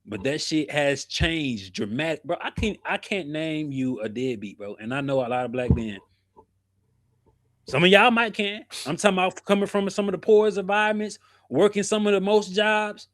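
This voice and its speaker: Man, a bit higher pitch, blunt panelist, dry close mic. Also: lively intonation, moderate pace, fairly bright tone, no room sound. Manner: blunt, emphatic, slangy. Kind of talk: casual panel discussion.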